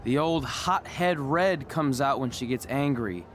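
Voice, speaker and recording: A man's voice: medium pitch, a little slow, a little hiss or hum, close to an everyday voice. An actor voicing a laid-back, wisecracking young male wrestling trainee in a game cutscene. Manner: wry, joking. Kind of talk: video game cutscene acting.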